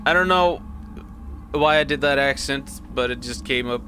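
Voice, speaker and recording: A man's voice: mid-range voice, moderate pace, pushed and bright, a little hiss or hum. A man hosting a gaming channel, giving casual let's-play commentary, chatty and swearing as he reacts to the game.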